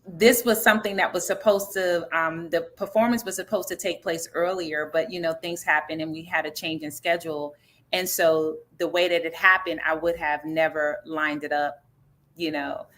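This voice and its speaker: Woman author-director, interview guest, earnest and reflective, lower pitch, bright tone. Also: steady tone, normal speed. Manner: earnest, reflective, faith-centered, frequent fillers. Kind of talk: conversational interview answers.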